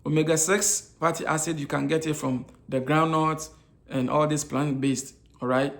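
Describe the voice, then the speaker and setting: A man's voice: a little high, steady tone, moderate pace, creaky. A man giving an informal talk on nutrition. He keeps asking rhetorical questions and answering them himself, and he repeats his key points. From Africa. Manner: repeats key phrases, many hesitation fillers. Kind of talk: informal health lecture.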